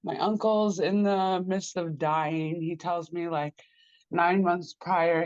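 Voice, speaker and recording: A woman's voice: fairly low pitch, fairly even intonation, takes it slowly, a little mellow, dry recording, highs cut off. A woman, the sister of the person discussed, telling a long personal account in a rambling way, full of "like" and quoted asides. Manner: rambling, repeats "like" and "blah, blah, blah". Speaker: interviewee, victim's sister.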